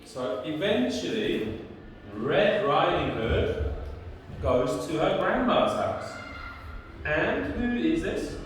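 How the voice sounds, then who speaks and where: A woman teacher telling a children's story slowly, stopping often to quiz the child. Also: deep voice, a little hiss or hum. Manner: slow, lively, quizzing the child often. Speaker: English teacher. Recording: echoey room from far off.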